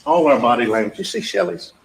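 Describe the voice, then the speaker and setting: This male trial attorney is a fast talker with a gravelly, fairly high voice and lively intonation, giving a closing argument to the jury. He repeats points emphatically, addresses jurors directly, and acts out witness exchanges, heard through echoey courtroom audio with faint background noise.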